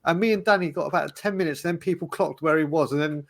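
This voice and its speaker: A man in casual chat, telling animated stories with frequent restarts. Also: a little high, fast talker, gravelly. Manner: animated, storytelling, restarts often. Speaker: podcast panelist.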